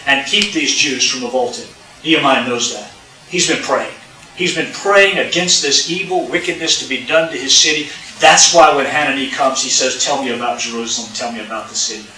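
A man's voice: fairly high pitch, sharp tone. A pastor preaching a sermon to his congregation in a church, talking conversationally, repeating key phrases and putting questions to the listeners. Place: church sanctuary. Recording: echoey room, voice from a distance.

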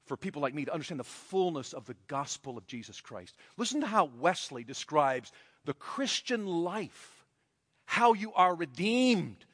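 A male pastor preaching a sermon in a church, emphatic and swinging between loud, raised passages and quiet, hushed ones. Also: on the high side, very animated, normal speed, studio quality. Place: church sanctuary. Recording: long hall reverb.

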